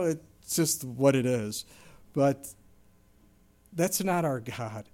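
A middle-aged man preaching a sermon as pastor, animated, acting out quoted voices with sudden jumps in pitch and volume. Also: slow, long pauses.

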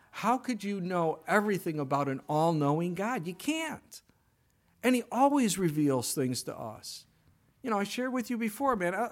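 A middle-aged man preaching, with a voice pitched a little above most men's. He talks in an animated way, dropping into quiet asides and then rising into loud, emphatic bursts. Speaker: pastor. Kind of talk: sermon.

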